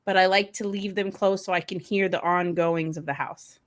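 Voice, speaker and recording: A woman's voice: on the low side, fairly even intonation, normal speed. A middle-aged woman and mother co-hosting a casual chat, blunt, swearing freely and laughing often. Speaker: podcast co-host, mother.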